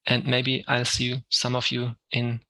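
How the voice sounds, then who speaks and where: A man's voice: medium pitch, monotone, unhurried, pushed and bright, no echo, low-quality recording. A man with a German accent, an Unreal Engine instructor giving a live tech talk, explaining step by step with frequent ums while answering questions.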